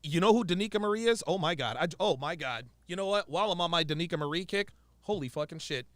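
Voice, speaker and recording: A man's voice: fairly high pitch, animated, quick pace, fairly bright tone, no echo. A man giving profane, exasperated reaction commentary, repeating his points with emphasis.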